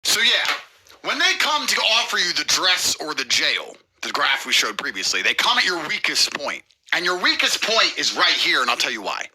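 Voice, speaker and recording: A man's voice: on the high side, wildly swooping pitch, moderate pace, pushed and bright, rough recording. A man co-hosting a comedy podcast, ranting in a mock-serious, sweary way. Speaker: podcast co-host.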